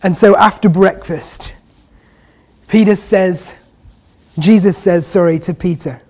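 A preacher delivering an earnest, gentle sermon and asking the listeners rhetorical questions. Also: medium pitch, takes it slowly.

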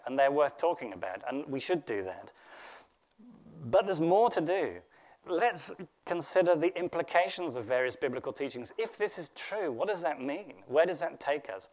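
A man's voice: fairly high pitch, darkish tone. A man giving a theology lecture, thoughtful, posing rhetorical questions and often restarting his phrases.

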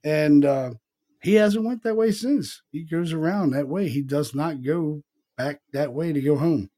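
This middle-aged podcast co-host speaks in an unhurried, mellow voice that sits a little high. Chatting casually, he spins a rambling, profane ghost story, performing the dialogue and repeating lines in quotes.

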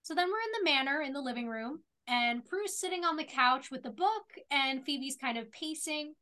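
A woman's voice: high voice, lively intonation, moderate pace, bright, forceful tone. A young woman co-hosting a podcast, retelling a TV episode scene by scene and reading out the dialogue in a casual chat. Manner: retells scenes at length, reading out dialogue with many "she says". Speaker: podcast co-host.

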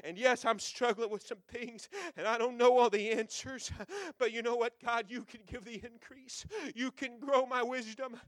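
Fervent high-voiced man preaching. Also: fairly even intonation, moderate pace, dry recording. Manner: fervent, swinging from loud urging to hushed prayer. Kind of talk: sermon to young people.

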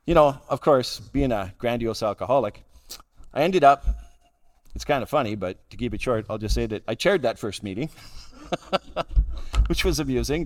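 A middle-aged man gives a humorous, self-deprecating personal talk as a guest speaker, chuckling at his own jokes. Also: medium pitch. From Calgary, Canada. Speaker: guest speaker at a recovery roundup.

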